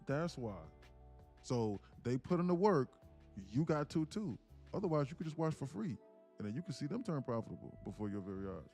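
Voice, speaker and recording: Over soft background music, a man mentors viewers while hosting a live trading stream, his medium-pitched, slightly mellow voice swinging widely in pitch at a somewhat quick pace. He talks casually and slangily, rambling and restarting often.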